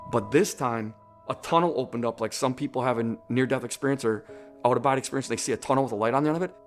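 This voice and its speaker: Man, middle-aged, earnest testimony, groping for words, soft music underneath. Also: mid-range voice, quick pace. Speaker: near-death experience witness. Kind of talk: personal testimony.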